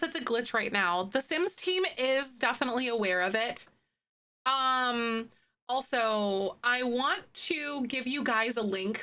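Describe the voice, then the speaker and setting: A woman's voice: on the high side, pushed and bright. A woman live streamer chatting casually with her viewers as she plays, laughing often and peppering her talk with fillers. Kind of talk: casual chat with viewers while playing.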